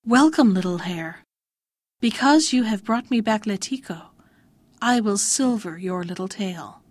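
A woman's voice: mid-range voice, lively intonation, a little slow, darkish tone, no room sound. A woman voicing a grieving mother who scolds with old-fashioned words. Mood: grateful. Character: grieving mother, stern with animals.

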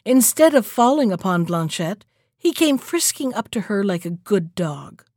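A woman narrating a fairy tale aloud in an expressive, dramatic storytelling manner. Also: mid-range voice, moderate pace, no room sound, studio quality. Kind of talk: storybook reading.

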